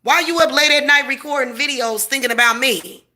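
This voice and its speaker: Forty-something lady cussing up a storm at the camera, defiant and bragging, real bright sharp voice. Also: high-pitched, a little fast. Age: 40s. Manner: profane, confrontational ranting; boastful, defiant. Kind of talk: ranting monologue to camera.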